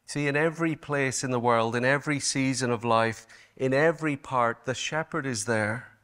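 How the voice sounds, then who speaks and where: A man's voice: mid-range voice, moderate pace, fairly bright tone, clean tone. A man preaching a sermon at a conference, in an earnest, emphatic manner, often repeating words for stress. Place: conference hall.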